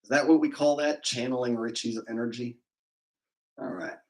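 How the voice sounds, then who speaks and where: A California man hosts a livestream, rambling and telling crude jokes while reading out donations. His voice sits at a medium pitch and moves at a normal speed, though the audio quality is poor.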